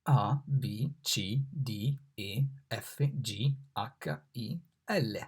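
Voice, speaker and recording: A teacher walks learners through letters and words in a slow, careful lesson. The voice is gravelly and husky, and each sound is repeated patiently. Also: mid-range voice. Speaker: Italian language teacher. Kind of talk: online language lesson.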